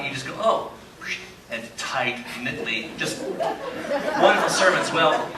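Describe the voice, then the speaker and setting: A man giving an admiring, self-deprecating tribute speech to an audience, his phrases trailing off softly. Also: mid-range voice. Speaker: church member giving a tribute. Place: church hall. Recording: echoey hall, distant mic, loud noise.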